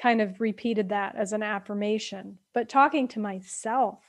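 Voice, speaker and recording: A woman coach co-hosting a casual podcast chat, thoughtful and affirming, recorded on a close mic. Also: medium pitch. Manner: thoughtful, affirming, quick to agree.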